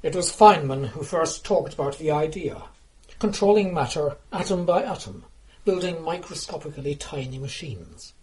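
A man reading a piece of prose aloud in a calm, measured narration. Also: a little high, low-quality recording. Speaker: contributor reading his story.

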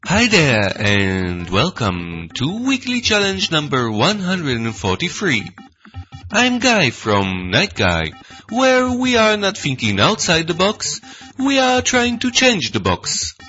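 Slow deadpan man narrating. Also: a little high, reverberant, long reverb tail, dull audio. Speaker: podcast host and storyteller. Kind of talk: scripted narration.

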